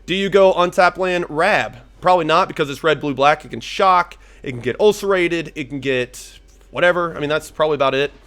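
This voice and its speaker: A man's voice: fairly high pitch, fairly quick, fairly bright tone. A young man giving casual, profane gameplay commentary as he plays a card game, rambling and thinking aloud. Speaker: gaming YouTuber.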